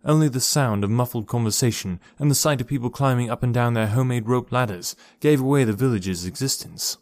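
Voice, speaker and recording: In a studio-quality recording without room sound, a man with a mid-range voice narrates an audiobook, measured and expressive as he tells the story.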